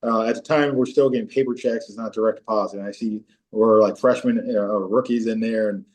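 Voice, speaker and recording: A former pro football player in his forties guests on a podcast, speaking fairly quickly. He tells animated stories and slips into high-pitched voices when quoting teammates, in a casual storytelling interview.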